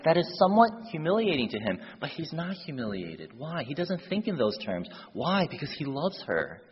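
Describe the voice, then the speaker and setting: A man's voice: medium pitch, husky. A man preaching a sermon, telling a story and then building to urgent appeals to his listeners. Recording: dull echoey hall.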